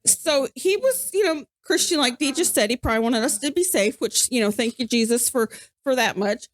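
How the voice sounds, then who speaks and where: A woman, co-hosting a podcast and telling a story in casual chat, animated and acting out what people said. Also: high voice, brisk, no room sound. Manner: animated, acts out quoted voices. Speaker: podcast co-host.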